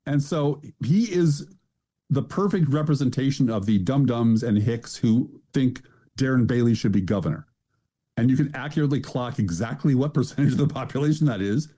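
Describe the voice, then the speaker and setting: A man's voice: medium pitch, normal speed, warm tone. A man co-hosting a show in casual chat, with dry, sarcastic remarks. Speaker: show co-host.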